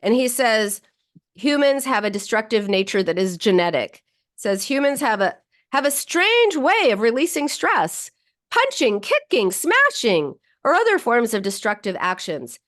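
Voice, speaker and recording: Animated woman psychologist hosting a talk show. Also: a little slow. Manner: animated, jumps higher when voicing inner thoughts; loose, with frequent restarts and fillers. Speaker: psychologist and radio show host. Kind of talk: radio talk show and livestream chat.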